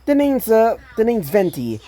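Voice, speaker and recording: A woman's voice: a little high, big pitch swings, moderate pace, mellow, pitched above the performer's own voice. A woman reading the lines of a showy, playful young male bard who talks grandly. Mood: theatrical.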